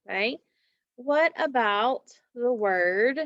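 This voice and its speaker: A woman's voice: medium pitch, expressive, fairly bright tone, no echo. A woman teacher, leading a recorded phonics lesson for children and carefully drawing out each word. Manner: slow, careful, drawn-out word modeling. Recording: dull, dry, lo-fi home recording.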